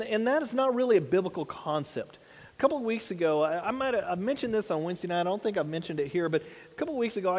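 A pastor delivering a sermon in a conversational way, tossing rhetorical questions to the congregation. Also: male voice, high-pitched. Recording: long hall reverb.

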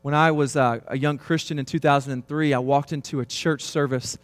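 A man in his thirties preaching a sermon, swinging between quiet, low stretches and loud, emphatic passages. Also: steady tone, a little fast, no echo. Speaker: pastor.

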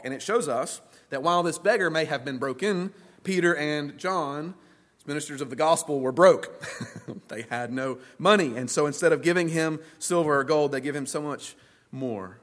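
A man's voice: fairly high pitch, moderate pace, fairly bright tone. A man preaching a sermon to his church, earnest and emphatic, repeating phrases for weight and restarting mid-thought. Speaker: pastor.

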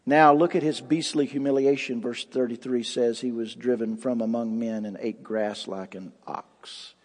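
A man's voice: mid-range voice, fairly even intonation, normal speed. A man preaching a sermon as pastor, reading scripture aloud with dramatic rises and drops. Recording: long hall reverb.

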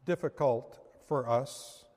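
A man preaching a sermon, speaking in a slow, measured way and then praying. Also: medium pitch, a little mellow. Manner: slow, measured delivery, closing in prayer. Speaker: pastor. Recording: long hall reverb.

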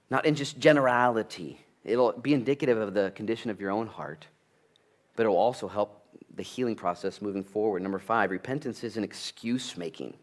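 Animated low-voiced male preacher. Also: fairly quick. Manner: animated storytelling, acting out family dialogue. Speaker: pastor. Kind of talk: sermon.

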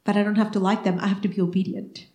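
A woman's voice: medium pitch, rapid-fire. A middle-aged woman pastor preaching a sermon, telling stories and acting out the dialogue in them. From Mexican heritage. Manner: animated storytelling, acting out dialogue. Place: church sanctuary. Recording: echoey church room.

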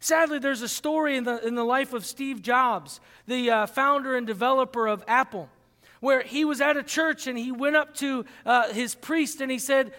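A man delivers a sermon as pastor, leaning on repeated phrases for emphasis. His voice is very high and bright, with a sharp edge. Long reverb from a large church hall follows his words. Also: normal speed.

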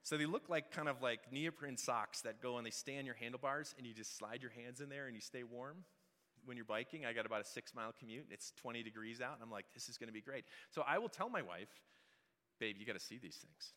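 A man's voice: mid-range voice, fast, pushed and bright. Man preaching a casual sermon in a hall. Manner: conversational, joking, asks the congregation questions. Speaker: pastor. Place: church hall. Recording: reverberant hall.

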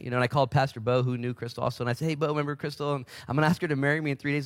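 A pastor in his forties preaches a sermon with great animation, leaping into high voices to play the people he quotes. He races along with few pauses.

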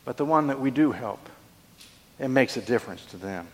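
A man's voice: medium pitch, animated, brisk, in a large hall. A man preaching a sermon, telling a story earnestly and asking rhetorical questions. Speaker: pastor.

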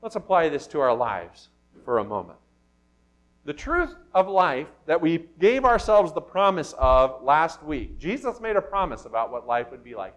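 A man preaching a sermon as pastor, moving between quiet reflection and loud, emphatic questions. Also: on the high side, very animated, moderate pace.

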